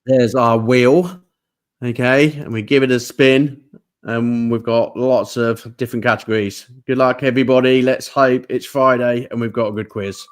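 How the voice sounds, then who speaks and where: Man, podcast host, casual chat, playful, laughing, middle pitch. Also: fairly even intonation, normal speed. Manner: chatty, laughing, mimics accents.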